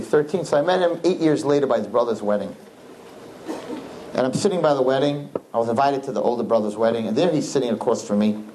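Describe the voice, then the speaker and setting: A man, a rabbi, telling his students a story in an animated, repetitive way, with Hebrew and Yiddish words mixed in. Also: mid-range voice, background noise. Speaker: rabbi teaching a class.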